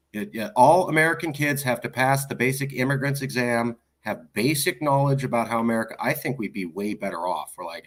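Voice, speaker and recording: A man's voice: medium pitch, a bit bright. A man hosting an interview, animatedly sharing opinions and jumping between thoughts. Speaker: interview host. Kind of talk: casual interview conversation.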